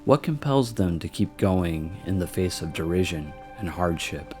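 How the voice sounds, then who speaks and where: A man with a very deep voice reads documentary narration. His delivery is measured and even, with soft music faintly underneath. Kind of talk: scripted narration.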